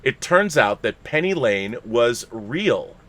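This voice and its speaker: A man's voice: mid-range voice, big pitch swings, slow, fairly bright tone. A man hosting a live podcast, reading a listener's letter aloud in a playful, theatrical way with bursts of laughter. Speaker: podcast host.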